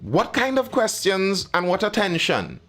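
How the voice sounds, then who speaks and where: A man's voice: high voice, wildly swooping pitch, measured pace, a bit bright. A man hosting a live stream, giving emphatic commentary and answering viewers in the chat by name. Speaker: live show host.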